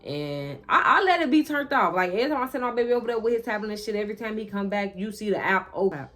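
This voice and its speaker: A woman telling a personal story straight to her viewers in a casual, animated and profane monologue. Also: medium pitch, fast talker. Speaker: vlogger.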